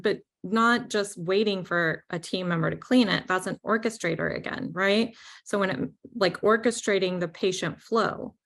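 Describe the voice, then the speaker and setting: A woman consultant talking casually on a business podcast, chatty and full of fillers. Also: fairly low pitch. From New York. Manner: chatty, many "like" and "right?" fillers.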